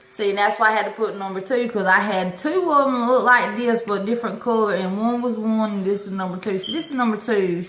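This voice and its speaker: In an echoey room with a little background noise, the orchid vlogger chats casually with her viewers, calling them y'all and exclaiming often. Her voice is fairly high with a fairly bright tone.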